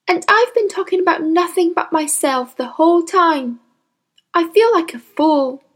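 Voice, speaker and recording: Woman reading as a gentle young teacher. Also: very high-pitched, animated, unhurried, voice pushed up. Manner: soft, gentle, apologetic.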